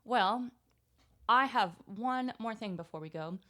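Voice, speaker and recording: A woman's voice: a little high, unhurried, a bit bright. A woman co-hosting a casual podcast, chatty and giggly, with a jittery, restless way of talking. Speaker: podcast co-host. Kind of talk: casual chat.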